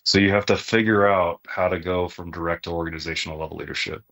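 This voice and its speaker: A middle-aged man with a low voice talks in a relaxed, conversational way. He is plain-spoken and often ends a point with "right?", like a retired sergeant major explaining how things work. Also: fast talker, gravelly. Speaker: podcast guest, retired army sergeant major. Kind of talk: casual conversational interview.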